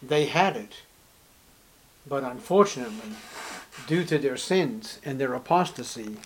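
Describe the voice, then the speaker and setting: A man's voice: animated, unhurried, a little hiss or hum. A man preaching an expository Bible sermon, reading scripture aloud and asking rhetorical questions with strong emphasis. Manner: emphatic, rising to forceful highs on key words; reads scripture in King James style, asks rhetorical questions.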